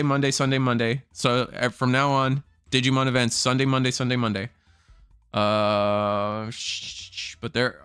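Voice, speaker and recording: A man's voice: mid-range voice, fairly bright tone, smooth, no room sound. A man chatting casually on a live stream, rambling through announcements and swearing freely, sounding tired and burnt out.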